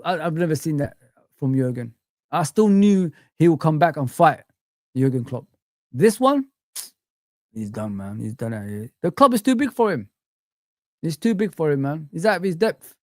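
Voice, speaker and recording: A man's voice: fairly high pitch, sing-song, normal speed, long pauses, no echo, studio quality. A young man hosting a fan livestream, ranting in an exasperated, repetitive way and swearing often. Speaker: fan channel livestream host. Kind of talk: casual livestream rant.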